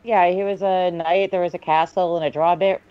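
A man's voice: high-pitched, little pitch movement, a little fast, clear, resonant tone, muffled recording. A man co-hosting a movie commentary podcast in laid-back, casual chat. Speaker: podcast co-host.

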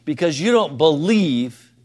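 A man preaching a sermon, asking his listeners direct questions and moving between soft, quiet asides and loud, emphatic appeals. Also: on the high side, very animated, measured pace.

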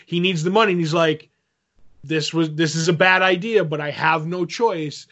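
A man's voice: fairly high pitch, normal speed, fairly bright tone. A man co-hosting a podcast, talking casually and rambling with many fillers and restarts. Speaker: podcast co-host. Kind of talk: casual chat. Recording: dull lo-fi audio.

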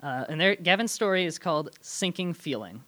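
A woman's voice: lowish voice, lively intonation, fairly quick, very noisy. A woman presenting at a storytelling event, introducing the next speaker in a casual, teasing way.

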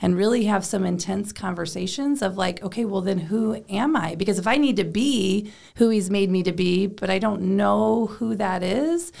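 A woman's voice: medium pitch, normal speed, vocal fry, few pauses, a little mellow. A woman and mother talking about parenting in a casual, chatty way, with lots of "like". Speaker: co-host, parent. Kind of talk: casual faith talk.

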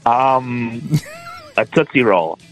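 A man's voice: medium pitch, expressive, drawn-out words, poor audio. A man in a mid-range voice talks easily on a casual podcast, cracking self-mocking jokes as he goes. Faint music plays behind him. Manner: chatty, self-mocking humor.

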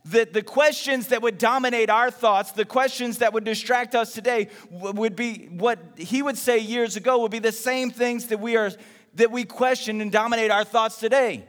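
A man from Texas preaching a sermon in a conversational, animated way, acting out everyday voices. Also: very high-pitched, moderate pace, in a large hall. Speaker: pastor.

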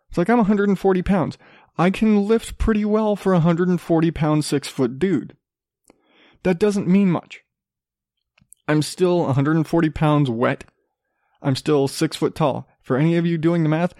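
A man's voice: on the high side, darkish tone, dry recording, studio quality. A young man hosting his own show, telling a profane, ranting story and acting out both sides of an argument. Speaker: podcast host.

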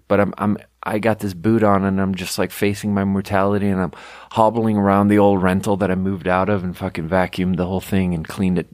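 A man's voice: low-pitched, darkish tone, no echo. A young man from Sweden telling rambling, profane, self-deprecating stories in a casual podcast monologue, recorded close at home. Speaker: podcast host. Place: home room.

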